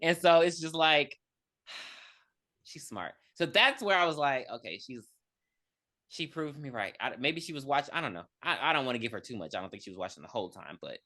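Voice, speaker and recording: A woman co-hosting a podcast, casually recapping a movie, acting out characters' lines in high squeals and swearing freely. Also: lively intonation, fast talker, sharp tone. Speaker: podcast co-host. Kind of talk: casual movie review chat.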